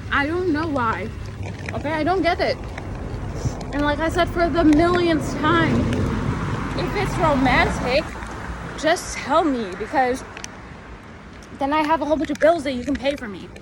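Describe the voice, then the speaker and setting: A young woman vlogger telling a casual storytime rant, animated and exasperated, rambling with many fillers. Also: sits high, unhurried, long pauses, noisy background.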